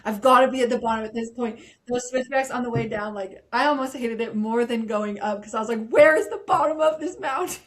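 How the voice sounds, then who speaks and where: Expressive woman guest, higher voice. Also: fairly quick, hardly any pauses. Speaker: podcast guest, trail runner. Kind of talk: casual interview chat.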